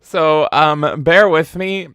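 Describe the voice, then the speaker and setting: A man from Canada hosts a game livestream in a loose, profane, excitable ramble. His voice is smooth and clear, and the sound is dry and close with no room echo. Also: a little high, takes it slowly. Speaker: game streamer host. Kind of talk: casual livestream chat.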